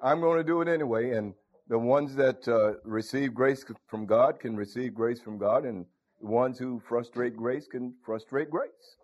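A man's voice: mid-range voice, moderate pace, a little mellow. A man preaching a folksy sermon, calling out to his congregation. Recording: dull lo-fi recording.

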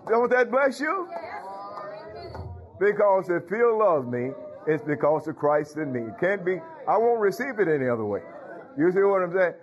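A man's voice: on the high side, sing-song, moderate pace, darkish tone, lo-fi sound. A man preaching as a pastor, calling out to his congregation with frequent hallelujahs. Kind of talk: sermon.

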